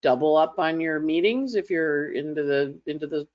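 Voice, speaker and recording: Reading a casual weekly forecast, a woman astrologer speaks in a deep voice at normal speed, chatty and conversational. She slips into playful voices to imitate others, and the lo-fi audio sounds slightly dull.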